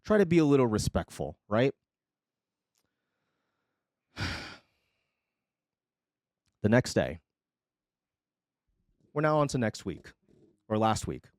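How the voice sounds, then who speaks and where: Swearing, animated male streamer telling a story. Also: medium pitch, unhurried, long pauses, dry recording, clean studio sound. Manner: animated retelling, swings loud and quiet, swears freely. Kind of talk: casual storytelling to stream chat.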